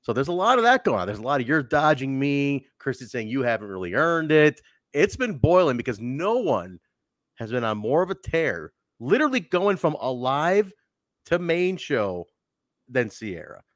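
Brief: male podcast host, lively pitch swings, bone-dry sound, jokey and playful. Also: moderate pace, dry recording. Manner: joking, animated, playful teasing. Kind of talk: casual wrestling podcast chat.

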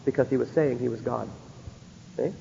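A man's voice: medium pitch, normal speed, vocal fry, warm tone, slightly rough. A man teaching a Bible lecture, often stopping to ask his listeners rhetorical questions to check they follow. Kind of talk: recorded theology lecture. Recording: dull lo-fi recording in a reverberant hall.

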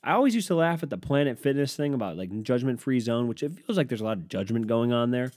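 A man's voice: medium pitch, expressive, fast talker, darkish tone, no echo, clean studio sound. A man, hosting a solo podcast and ranting sarcastically, swearing often as he reacts to headlines. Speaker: podcast host. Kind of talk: profane solo podcast rant.

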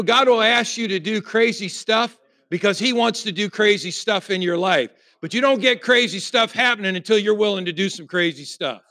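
In clean, dry studio sound, a high-pitched man preaches as a pastor. He shares a personal story, his delivery swinging from loud, emphatic passages to quiet, hushed stretches.

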